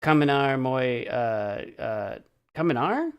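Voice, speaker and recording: A man's voice: medium pitch, sing-song, takes it slowly, clear, resonant tone. A young man from the American Midwest chatting casually on a live stream, self-deprecating and stumbling over Spanish words as he practices. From central Illinois, US.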